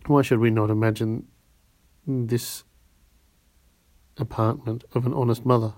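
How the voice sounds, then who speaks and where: A man voicing a calm, insinuating count as he reads a novel aloud. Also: medium pitch, a little slow, no room sound, lightly acted.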